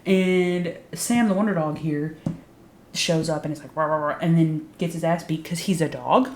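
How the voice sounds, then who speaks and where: A woman's voice: deep voice, moderate pace, darkish tone, roomy sound, a little hiss or hum. A woman giving a casual, sarcastic recap of a TV show, swearing freely and saying "like" a lot. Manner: sarcastic, profane, frequent "like" fillers. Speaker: YouTube recap host.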